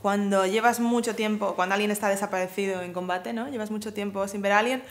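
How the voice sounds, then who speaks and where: Lively woman co-hosting a language lesson. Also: medium pitch, racing. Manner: lively, asks questions and translates. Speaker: co-host. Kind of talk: casual bilingual lesson chat.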